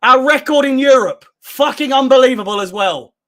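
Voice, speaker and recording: A man's voice: very high voice, lively intonation, moderate pace, fairly bright tone. A man hosting a live fan watchalong, calling the play-by-play and swearing freely as he reacts. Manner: play-by-play calls mixed with heavy swearing. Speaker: fan channel host. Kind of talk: live match watchalong commentary.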